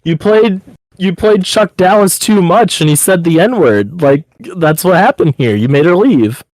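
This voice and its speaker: A man's voice: high voice, expressive, a little slow, a little mellow, dry recording. Rambling upbeat man on a podcast. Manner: rambling, upbeat, heavy use of 'like'. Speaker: podcast co-host. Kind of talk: casual chat.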